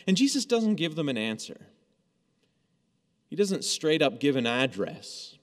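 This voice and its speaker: A man's voice: on the high side, very animated, measured pace, long pauses. A man preaching a sermon in a conversational, storytelling way, acting out quoted lines as he goes. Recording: long hall reverb.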